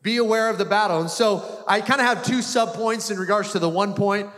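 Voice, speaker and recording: Male pastor, high voice, casual repetitive preaching, church hall echo. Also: fairly quick, a bit bright. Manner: repetitive, conversational preaching with frequent restarts. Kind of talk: sermon. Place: church hall before a congregation. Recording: long hall reverb.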